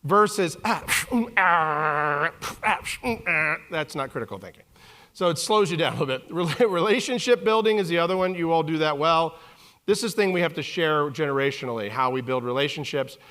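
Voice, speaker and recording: A man in his forties giving a live keynote talk on a conference stage, animated and joking with the audience. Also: a little high, fast talker. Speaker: keynote speaker.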